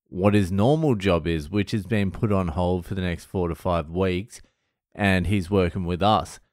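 A middle-aged Australian man talks straight into the mic in a low, smooth voice, blunt and swearing freely as he rambles through a story. The sound is dry and close, with no room around it. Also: dry recording. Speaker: vlogger. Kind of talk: casual monologue vlog.

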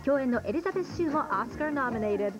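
High, brisk female countdown narrator. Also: animated, loud music behind the voice. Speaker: film ranking narrator. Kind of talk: scripted narration.

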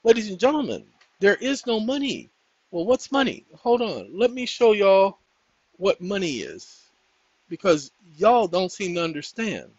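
Folksy, preachy man, lively high voice. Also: measured pace, breathy edge, no room sound. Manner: folksy, preachy, addresses viewers as ladies and gentlemen; breaks off to talk to his dogs. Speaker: channel host. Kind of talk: casual screen-share tutorial. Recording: dull dry lo-fi sound.

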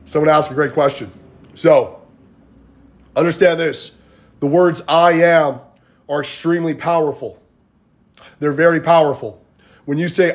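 Fairly quick and fairly high in pitch, a man hosts a fitness coaching livestream at home, recorded on a phone. His casual, rambling pep talk is loaded with "like" and "guys."

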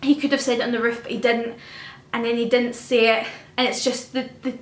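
A young woman pours out her feelings in an effusive, emotional fan chat to camera. Her voice sits on the high side, and the recording carries a roomy echo. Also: flat delivery, a little fast. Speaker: vlogger.

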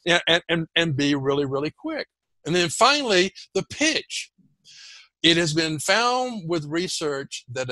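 A man guest on a podcast, teaching communication skills in an animated, emphatic, demonstrative way. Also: fairly high pitch, measured pace, no room sound. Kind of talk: energetic podcast interview.

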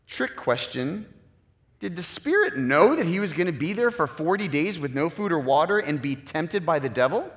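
A male pastor preaching a sermon in an animated way, acting out the voices he quotes and swinging from loud to hushed. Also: fairly high pitch, normal speed. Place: church sanctuary. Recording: long church reverb.

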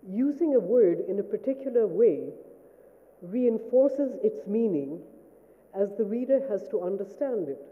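A woman giving a formal memorial lecture as a writer, speaking in a measured, reflective way and checking in with her listeners. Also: mid-range voice. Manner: measured, reflective, asks "Do you see?". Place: lecture hall. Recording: phone-like sound in a reverberant hall.

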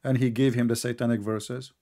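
A man's voice: medium pitch, little pitch movement, brisk, warm tone. Mocking man with a non-native English accent. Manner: mocking, sarcastic, laughs at caller. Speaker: debate show host. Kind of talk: heated religious debate call.

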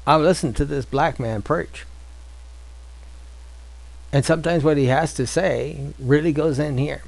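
A man leading a Bible study in a relaxed, conversational manner, reading scripture and piling up rhetorical questions. His voice sits a little high for a man and has a gravelly, rough grain. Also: unhurried, low-quality recording. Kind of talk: informal Bible teaching.

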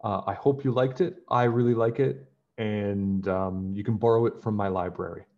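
A man reading a children's picture book aloud in a gentle storytelling manner, then chatting to his young listeners. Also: lowish voice, fairly even intonation, moderate pace, lo-fi sound.

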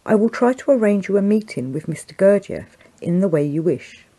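A woman reading an audiobook, voicing a calm, self-assured man who speaks in a measured, curt way. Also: medium pitch.

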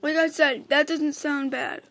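A woman voicing a nervous, easily scared big male shark, reading haltingly in a high voice. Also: fairly even intonation, a bit bright, slight background noise. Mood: doubtful, worried. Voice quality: read aloud haltingly.

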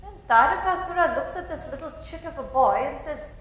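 Woman storyteller, slow, dramatic, a bit high, very echoey hall. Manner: dramatic, expressive narration. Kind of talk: narrating a dance story.

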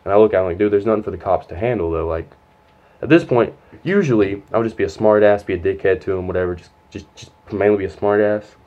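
A man's voice: fairly low pitch, fast talker, dark tone, lo-fi sound. A young man telling a long, rambling, profane story from his school days, quoting others as he goes. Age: young adult. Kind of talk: casual storytime vlog.

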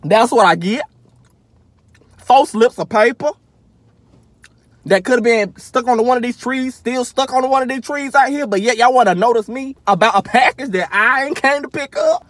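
A man doing a comedic mukbang rant, eating while talking with loud, exaggerated outrage, sitting in a parked car. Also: very high-pitched, moderate pace, no echo. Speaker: comedy vlogger.

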